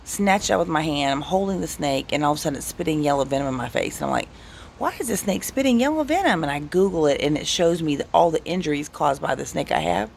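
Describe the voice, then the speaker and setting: A man's voice: on the high side, fast, creaky, few pauses, slight background noise. A man telling casual, rambling anecdotes on his vlog. He cuts himself off and restarts often. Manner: rambling, self-interrupting, animated anecdotes. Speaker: vlogger. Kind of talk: casual storytelling.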